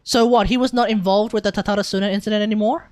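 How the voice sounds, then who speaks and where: An Australian woman streaming a game live, chatting excitedly and talking to her viewers. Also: mid-range voice, rapid-fire. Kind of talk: live gameplay commentary.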